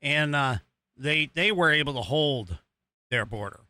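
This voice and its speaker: A man's voice: a little high, animated, a little slow, bright, forceful tone, no room sound, studio quality. An American man hosting a political podcast, rambling casually with many fillers and restarts while he talks over video footage he is playing. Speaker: podcast host.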